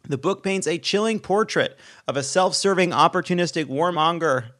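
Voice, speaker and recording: A man's voice: a little high, normal speed, fairly bright tone. A man co-hosting a comedy news chat, delivering jokes in a dry, joking way. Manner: dry jokey delivery, mock impressions. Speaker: co-host. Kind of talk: scripted comedic news banter.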